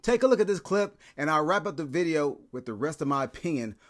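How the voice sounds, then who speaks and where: A man's voice: a little high, expressive, fast. A man hosting a commentary video, talking in a chatty way with lots of fillers. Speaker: commentary channel host. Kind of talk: casual commentary.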